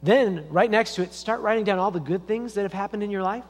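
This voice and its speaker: A man's voice: high-pitched, quick pace, faint music behind. A man preaching a sermon as a pastor in a church, in a conversational storytelling way. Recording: long reverb of a church hall.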